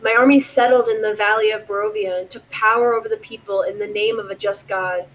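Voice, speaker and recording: A man's voice: sits high, fairly even intonation, a little fast, a bit bright, slight background noise, poor audio. A woman reading as a solemn man voicing an ancient lord's journal. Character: male traveler reading a dark old journal aloud.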